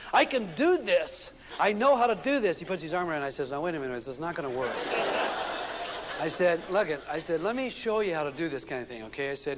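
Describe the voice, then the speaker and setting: Male seminar speaker, somewhat high voice, storytelling with acted-out dialogue, live hall reverb. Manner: storytelling, acts out quoted dialogue. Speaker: relationship speaker. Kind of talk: seminar talk to a live audience. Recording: long reverb from a hall, faint noise.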